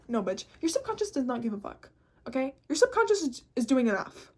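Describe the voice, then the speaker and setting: A woman's voice: high-pitched, sing-song, fairly quick, darkish tone, breathy edge. A woman hosting a casual vlog, talking bluntly and animatedly and swearing constantly. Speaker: host.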